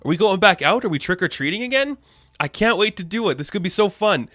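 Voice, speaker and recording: A man putting on the voice of excited kids eager to go trick-or-treating. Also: high voice, fast, no room sound, clean studio sound, pitched above the performer's own voice, exaggerated voice.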